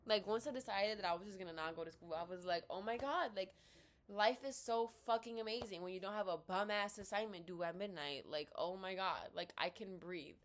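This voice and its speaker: A young woman telling a story in a casual rant, blunt and swearing freely, acting out both sides of a conversation. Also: medium pitch. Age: young adult. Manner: blunt, swears freely, quotes herself and others in quick dialogue. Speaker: vlogger. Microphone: laptop built-in mic.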